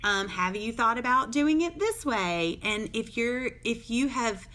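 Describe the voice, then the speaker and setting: A woman's voice: on the high side, expressive, measured pace, pushed and bright. A woman in her thirties co-hosting a casual chat, telling a family story with feeling and laughing often. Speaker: podcast co-host.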